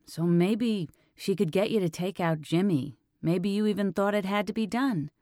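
A man's voice: sits high, moderate pace, darkish tone, dry recording, clean studio sound, voice pushed up, close to an everyday voice. A man voicing a tough female police detective, insistent and questioning in an audiobook reading. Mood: pressing.

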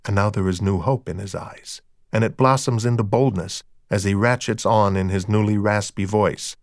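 A man narrating dark fiction in a slow, hushed, measured and cold manner. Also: lowish voice, fairly even intonation, no room sound, clean studio sound.

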